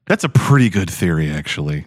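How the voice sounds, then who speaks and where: A man's voice: medium pitch, expressive, brisk, fairly bright tone, no echo, studio quality. A man co-hosting a podcast in casual banter, wry and self-deprecating. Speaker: podcast co-host.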